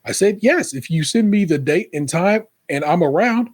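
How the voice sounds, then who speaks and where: A man's voice: high voice, moderate pace, husky. A man co-hosting a podcast in loose, profane casual chat, telling stories and putting on voices for quotes. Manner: loose, profane, animated storytelling with put-on quotes. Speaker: podcast co-host.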